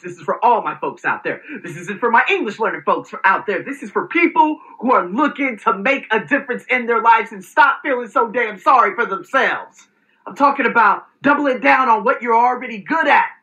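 Lively, forceful man on a motivational vlog. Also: very high-pitched, muffled recording. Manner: energetic, emphatic, salty language. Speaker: host.

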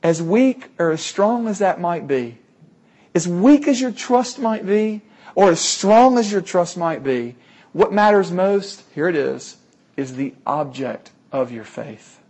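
An earnest male preacher, his voice sitting a touch high for a man. He drives his points home by repeating phrases and leaning hard on key words. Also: big pitch swings, slow pace, darkish tone. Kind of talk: sermon.

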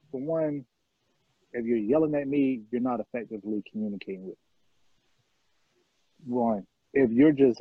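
A man's voice: mid-range voice, husky, no room sound, phone-quality sound. A man on a podcast panel talking casually, blunt and emphatic, repeating his points. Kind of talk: casual chat.

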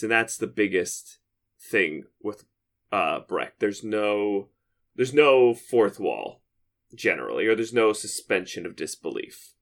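A man co-hosting a podcast, explaining things casually and in a measured way. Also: fairly low pitch, fairly bright tone. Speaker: podcast co-host. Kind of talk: casual chat.

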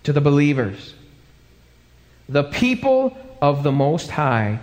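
A man's voice: fairly high pitch, sing-song, a little slow, darkish tone. A male pastor preaching a live sermon, telling a story dramatically and acting out the voices in it. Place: church sanctuary. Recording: live church hall with long reverb.

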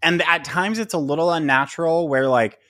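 A man's voice: fairly high pitch, fairly quick, fairly bright tone, no echo, studio quality. A man co-hosting a podcast, chatting about a film in an opinionated, casual way with some swearing. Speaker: podcast co-host.

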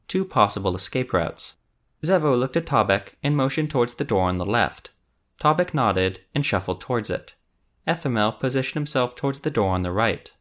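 A man reading a fantasy novel aloud as the narrator, in a measured storytelling manner. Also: mid-range voice. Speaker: audiobook narrator.

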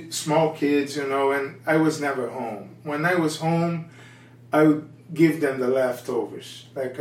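A Brazilian-accented man, a Portuguese speaker using English, tells a personal testimony in a candid, earnest way, often restarting his phrases. His voice sits a bit high for a man, and he speaks slowly. The sound is roomy and echoey, picked up from some distance off the mic. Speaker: missionary guest.

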